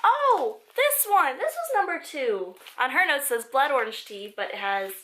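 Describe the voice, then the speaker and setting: A woman chatting casually as she unboxes a package at a table, excitable and giggly, talking to the items as she finds them. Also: high voice, moderate pace. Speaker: vlogger. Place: indoors at a table.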